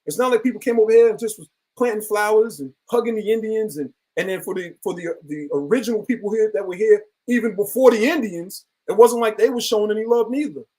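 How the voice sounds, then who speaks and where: A man's voice: high voice, fast talker, hardly any pauses, warm tone, poor audio. A man in casual discussion, talking in an earnest, reflective and rambling way.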